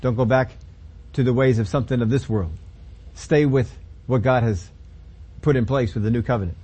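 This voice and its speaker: A man preaching a sermon, emphatic, with sudden loud stressed words between quieter explaining. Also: mid-range voice, moderate pace, breathy edge.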